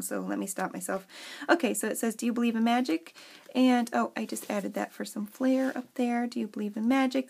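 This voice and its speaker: A woman's voice: mid-range voice, gravelly, a little mellow. A young adult woman casually showing her craft journal and reading its fairy story aloud with dramatic flair. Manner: reads story passages with dramatic flair, chatty asides.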